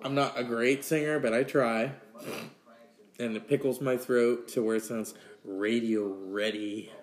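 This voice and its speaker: A man's voice: medium pitch, fairly even intonation, a little slow, reverberant. A man hosting a casual solo podcast, rambling and swearing freely between sighs, with a sore throat. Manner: rambling, profane, sighing between sips. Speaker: podcast host.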